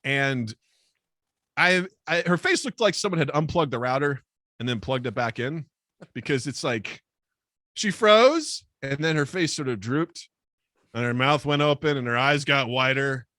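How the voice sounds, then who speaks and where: A man telling a comedic personal story in casual podcast chat, animated and self-deprecating, acting out the people he quotes. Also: medium pitch, measured pace, dry recording, studio quality.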